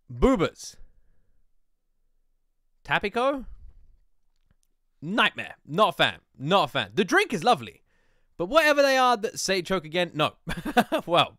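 Animated British man ranting playfully. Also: fairly high pitch, no room sound, studio quality. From Britain. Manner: animated, joking rants with swearing. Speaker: anime reaction host. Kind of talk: casual reaction commentary.

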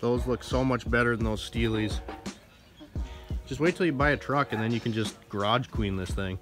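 A man hosting a casual do-it-yourself car vlog, talking through a repair outdoors with a relaxed, teasing manner. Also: medium pitch, moderate pace, over music. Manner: laid-back, teasing, swears casually. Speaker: channel host. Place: outdoors working on vehicles. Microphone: camera mic, handheld filming.

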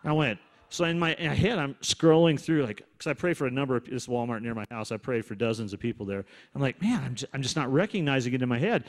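A man shares a prayer testimony in a relaxed, conversational way, dropping quick asides as he goes. His voice sits at an ordinary middle pitch and carries no studio polish. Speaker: minister sharing a testimony. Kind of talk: storytelling testimony.

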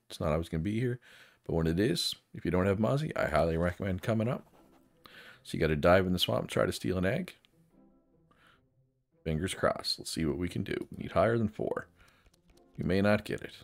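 A man's voice: fairly low pitch, creaky, a little mellow. A man casually walking through a video game guide, chatty and thinking aloud as he plays. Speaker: gaming guide host. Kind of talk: casual game walkthrough narration.

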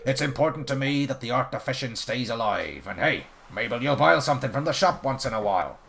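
Man putting on a gravelly old sea dog. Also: medium pitch, animated, a little fast, fairly bright tone, a little hiss or hum. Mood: hearty. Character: gruff old male sailor fisherman.

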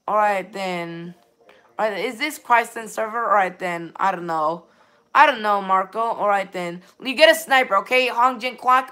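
A woman streaming live gameplay who rambles, reads viewer chat aloud and greets viewers, with sudden excited bursts and a habit of repeating "all right then". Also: mid-range voice. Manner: sudden excited bursts when directing players. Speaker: game streamer.

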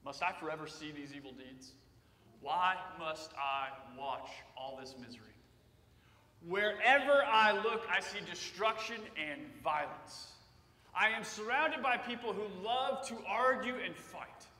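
A man preaching in a church sanctuary, his voice high and bright. He talks conversationally, then builds to loud cries on the passages he quotes. The sound rings with a long, echoey church reverb. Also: expressive, unhurried, distant mic. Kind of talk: sermon.

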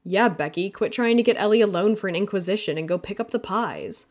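A woman voicing a calm, wry young man. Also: mid-range voice, a little fast, lightly acted.

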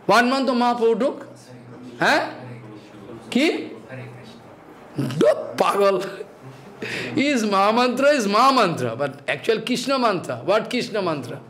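A man's voice: high voice, very animated, unhurried, a bit bright. A man giving a devotional sermon in broken English, quizzing and scolding his listeners. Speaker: spiritual teacher.

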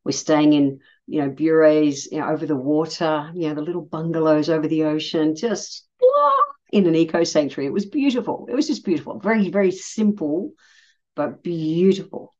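A middle-aged Australian woman telling a personal story in a casual, blunt way, swearing freely and getting animated when she quotes people. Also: low voice, moderate pace, lo-fi sound. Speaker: podcast host.

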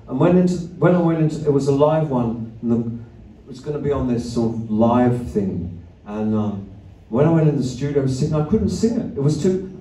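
A man's voice: medium pitch, mellow. An older man, a musician on stage, telling rambling, wry anecdotes between songs, swearing and chuckling. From Australia. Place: arts centre concert hall. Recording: echoey venue from a distant mic.

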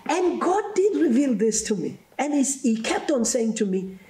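A man's voice: very high-pitched, sing-song, warm tone. A middle-aged man from South Africa with a South African accent, earnestly sharing a personal testimony in an interview. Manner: slow, reflective and earnest, with fervent rises. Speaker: gospel singer and bishop being interviewed.

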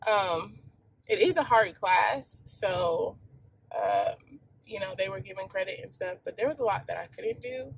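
A woman vlogging to camera on her phone, talking candidly and emotionally, halting often with fillers. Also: medium pitch, vocal fry, husky, rough recording.

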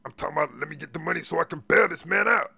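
Guy doing a shady game cop, super gravelly and raspy, kinda high, stammery street slang. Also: very fast, bright, forceful tone, heavily acted. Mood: scheming. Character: crooked male cop after a bribe, gruff and blustering. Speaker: police officer. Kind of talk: improvised game role-play.

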